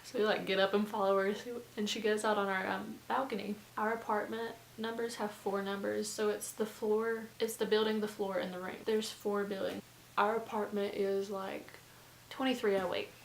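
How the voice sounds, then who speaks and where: A young woman vlogs a casual storytime in a chatty, rambling way, full of "like" and little asides. Her voice sits mid-pitch. The room is echoey, with a faint hiss. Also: little pitch movement, normal speed, creaky. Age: young adult. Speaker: vlogger.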